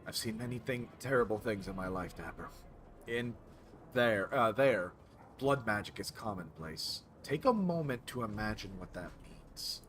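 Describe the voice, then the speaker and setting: A man voicing a nervous female corporate executive with a put-on German accent, speaking in a measured, grave way. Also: lowish voice, expressive, a bit bright, a little hiss or hum. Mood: haunted. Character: nervous middle-aged woman corporate executive.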